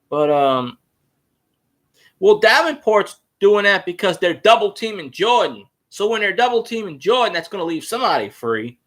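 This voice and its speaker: A man's voice: high-pitched, normal speed. A man hosting a casual solo fan chat, rambling and swearing as he tells stories about arguing with rival fans. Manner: profane, rambling, animated storytelling. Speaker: fan show host.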